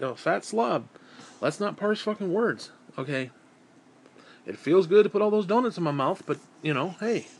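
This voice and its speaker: Guy lying around at home going off, swearing nonstop, kinda high voice, super blunt. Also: gravelly, slight background noise. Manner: crass, blunt, swears constantly. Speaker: vlogger. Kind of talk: profane rant to camera.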